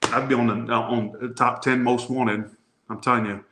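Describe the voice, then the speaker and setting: Flat and medium-pitched at a normal speed, a Southern-accented man does a laid-back tarot reading that wanders into crude jokes. The echoey room recording is very noisy.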